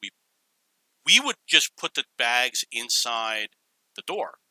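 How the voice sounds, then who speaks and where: A man's voice: medium pitch, very animated, slow, pushed and bright, dry recording, poor audio. A middle-aged man from New York casually telling rambling personal stories, drifting off on tangents. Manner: rambling, digressive, anecdotal. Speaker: storyteller.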